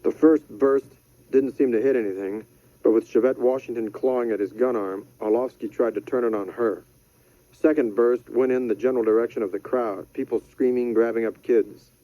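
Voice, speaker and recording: A man narrating a thriller audiobook in a measured, deadpan manner. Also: mid-range voice. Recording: dry, slightly dull studio audio.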